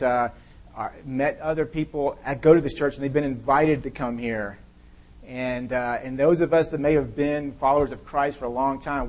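A man preaches from the pulpit in an open, talk-it-through manner. His voice sits at an ordinary middle pitch, and he circles back on his own phrases as he works out his thoughts. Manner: conversational, candid, thinking aloud with restarts. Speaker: pastor. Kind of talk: sermon with scripture reading and prayer.

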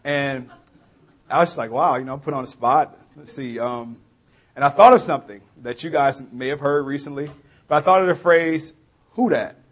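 A man from the New Orleans area with a New Orleans accent, preaching a sermon as a pastor in a relaxed, story-telling way. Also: medium pitch, normal speed. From New Orleans area, USA.

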